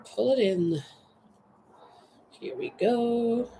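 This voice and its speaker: On a terrace livestream, a woman from Norway crochets and chats casually, reading viewers' comments and voicing her thoughts as she works. Her slightly high, creaky voice draws out words, and the rough recording carries a bit of hiss or hum.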